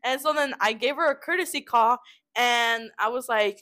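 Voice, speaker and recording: Young woman cursing up a storm, fairly high voice, chatting with friends in a study room. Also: normal speed. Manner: profane, animated storytelling. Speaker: podcast co-host. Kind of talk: casual chat.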